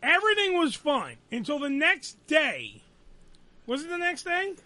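A man hosting a radio show, telling an angry, profane story about being fired, loud and repetitive. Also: very high voice, huge pitch swings, measured pace, no room sound. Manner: angry, loud, swearing, repeats himself.

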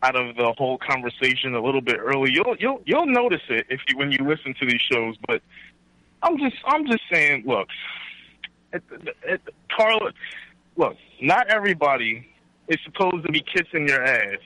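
A man's voice: medium pitch, very animated, pushed and bright, no echo, rough recording. A man calling in to a talk radio show. He rambles and keeps restarting his sentences. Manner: rambling, halting, lots of restarts. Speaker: caller and fellow show host.

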